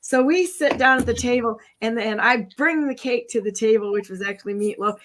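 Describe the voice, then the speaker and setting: Animated middle-aged woman telling stories. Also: a little high, brisk. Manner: animated, laughing storyteller, lots of "okay?" and "right?". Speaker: co-host. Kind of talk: casual storytelling.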